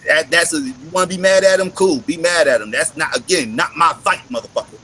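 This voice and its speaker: A man's voice: on the high side, animated, quick pace, a bit bright, slight background noise, low-quality recording. A man hosting a live discussion, ranting emphatically and swearing a lot. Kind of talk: casual chat.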